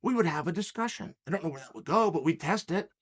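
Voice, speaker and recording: This commentator's voice sits on the high side, animated and quick. Hosting his own show, he delivers an emphatic solo rant and keeps firing rhetorical challenges at the audience.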